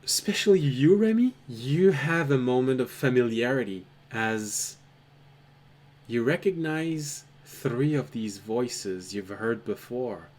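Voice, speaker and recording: A man narrating a tabletop role-playing game as game master, telling the scene in a measured, dramatic way. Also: medium pitch, animated, a little mellow. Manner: slow, measured, dramatic storytelling.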